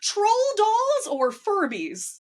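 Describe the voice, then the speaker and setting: A woman hosting a podcast, asking playful, teasing quick-fire questions. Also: extremely high pitch, huge pitch swings. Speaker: podcast host.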